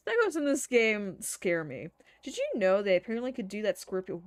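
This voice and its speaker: A woman's voice: medium pitch, big pitch swings, normal speed, a little mellow, no room sound, clean studio sound. A woman streamer chatting through live gameplay, laughing often, swearing freely and muttering to herself. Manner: frequent laughter.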